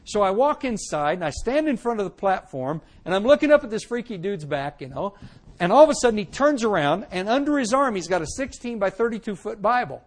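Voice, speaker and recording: A middle-aged man giving an animated personal testimony, telling his story dramatically and laughing at times. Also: high voice, brisk. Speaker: testimony speaker.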